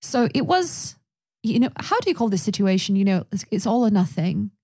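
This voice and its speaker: A young woman with a Russian accent, co-hosting a podcast and telling stories in a casual, animated way. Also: medium pitch, brisk, breathy edge. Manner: animated, acts out quoted voices. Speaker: podcast co-host. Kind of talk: casual storytelling chat.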